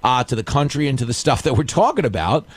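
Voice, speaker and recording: A man's voice: mid-range voice, big pitch swings, quick pace, slightly rough, no room sound. A man hosting a call-in radio talk show, chatty and joking. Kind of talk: casual call-in radio chat.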